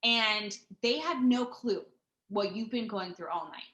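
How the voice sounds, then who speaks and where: Woman, bright tense voice, rambling and sweary storyteller, room echo on the mic. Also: fairly high pitch, big pitch swings, unhurried. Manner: rambling, profane, many fillers and restarts. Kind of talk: casual storytelling chat. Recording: roomy echo.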